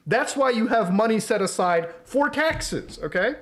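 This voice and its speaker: High, lively-voiced ranting male streamer. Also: measured pace, slight background noise. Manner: profane, exasperated ranting with mocking outbursts. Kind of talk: casual livestream rant.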